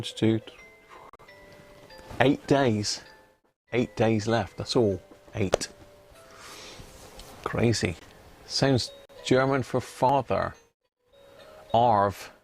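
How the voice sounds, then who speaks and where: A man hosting a casual live stream from his home workshop, chatting loosely, laughing at himself and trailing off with ums. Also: mid-range voice. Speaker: radio restoration livestream host.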